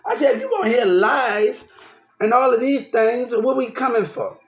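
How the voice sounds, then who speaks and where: A man's voice: very high voice, normal speed. A young man rambling through a personal story, repeating himself and restarting often. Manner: repetitive, restarts often, animated. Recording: roomy echo.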